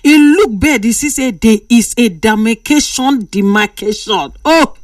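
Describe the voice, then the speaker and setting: Woman host, Nigerian Pidgin accent, animated dramatic storytelling, dry sound, far from the mic. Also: on the high side, a little slow, few pauses, no echo, faint music behind. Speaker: host reading viewer messages. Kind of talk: casual storytelling commentary.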